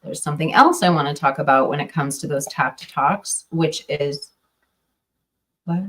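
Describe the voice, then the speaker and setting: A woman's voice: low-pitched, moderate pace, recorded from a distance. A woman commenting casually on a livestream, hesitant and full of fillers and restarts. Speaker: true crime streamer.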